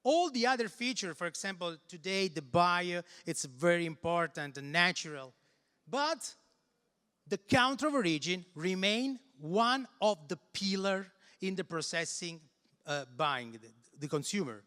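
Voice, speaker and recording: High-voiced Italian man presenting in a hall. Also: lively intonation, sharp tone, smooth. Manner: halting, repeats words while searching for English phrasing. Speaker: conference speaker. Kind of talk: conference presentation. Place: large conference hall. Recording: reverberant hall.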